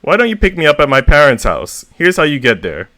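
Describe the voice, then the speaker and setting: A man reading humorous short stories aloud with a deadpan comic delivery, as a VTuber reader. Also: on the high side, a little fast, dry recording.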